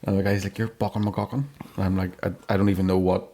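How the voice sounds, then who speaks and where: A man's voice: low voice, monotone, warm tone. A young man with a Northern Irish accent hosting a comedy podcast, telling crude stories in casual banter. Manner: rapid storytelling with crude banter. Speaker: podcast host.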